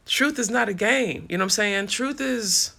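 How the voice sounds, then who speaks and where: A woman talking straight to her live-stream audience, tired but impassioned, dropping swear words as she goes. Her voice has a gravelly edge over a bright, forward tone. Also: medium pitch, normal speed. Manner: impassioned, swearing, talks to viewers as y'all. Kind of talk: casual live-stream chat reading comments.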